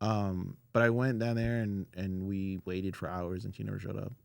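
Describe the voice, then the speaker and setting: Male interview guest, low-pitched with gravelly fry, loose storyteller with lots of fillers. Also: moderate pace, no room sound. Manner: relaxed, filler-heavy anecdotes. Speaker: audio engineer guest.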